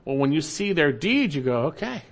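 A man preaching an expository sermon, emphatic and swinging between loud, lifted lines and low, quiet asides. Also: big pitch swings, moderate pace. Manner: emphatic, rising and falling with emphasis. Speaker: pastor.

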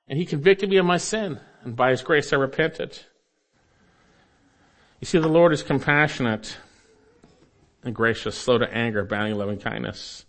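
A man delivers an expository sermon, reading scripture aloud and then explaining it. His voice climbs on emphatic points and sinks quietly at the ends of thoughts. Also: lively intonation, normal speed, pauses often. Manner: expository preaching, swings between emphatic rises and quiet low endings. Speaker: pastor.

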